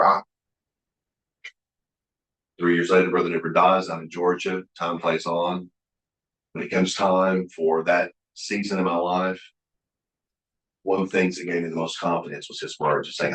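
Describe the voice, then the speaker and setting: This middle-aged Oklahoma man has a deep, low voice that echoes in the room as he gives a sermon-like leadership talk with stories at a Bible college, where he's a guest speaker. His pitch barely moves, his pace is moderate with long pauses, and his tone is fairly bright. He's folksy and earnest, frequently restarting as he acts out remembered dialogue.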